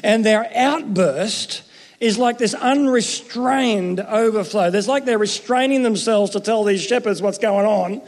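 A man with a high voice delivers a relaxed, joking sermon, often stumbling and restarting his phrases. The sound carries a long hall reverb. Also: unhurried. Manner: conversational, jokey, self-interrupting. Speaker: pastor.

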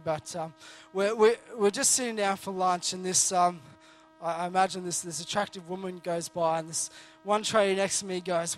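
Male preacher, high tenor, casual sermon, self-deprecating, stop-start phrasing. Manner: earnest, jokey, frequent restarts. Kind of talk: conversational sermon.

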